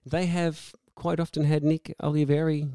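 Chatty radio host, dry sound. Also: male voice, a little high, little pitch movement, normal speed, mellow, clear, resonant tone, no echo. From Australia. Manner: chatty, laughs often, rambling anecdotes. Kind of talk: casual on-air banter.

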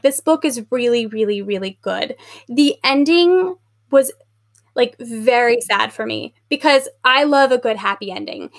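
A woman co-hosting a book podcast, talking casually with lots of fillers and animated retellings. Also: on the high side. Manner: chatty, filler-heavy, animated retelling with acted quotes. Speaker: podcast co-host.

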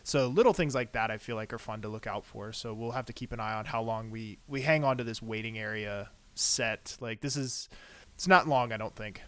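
A man's voice: on the low side, fairly quick. A man co-hosting a casual podcast, rambling through his opinions on TV episodes with many fillers. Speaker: podcast co-host. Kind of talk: casual TV recap chat.

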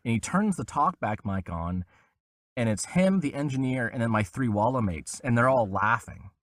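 Animated man telling stories with voices. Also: moderate pace, no room sound, clean studio sound. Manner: animated, acts out quoted voices with big pitch jumps. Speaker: voice actor guest. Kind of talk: casual storytelling interview.

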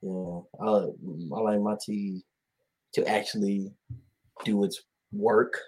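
Laid-back man with a husky voice. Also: on the low side, slow pace, rough recording. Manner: relaxed, laid-back, drawling slang. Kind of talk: casual chat.

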